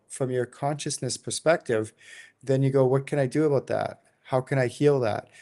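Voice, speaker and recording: A man's voice: medium pitch, a little mellow. A middle-aged man with a mid-range voice talks straight to his viewers as a spiritual teacher. His delivery is loose and eager, with plenty of "like" fillers. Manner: informal and enthusiastic, many "like" fillers. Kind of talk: casual direct-to-camera talk.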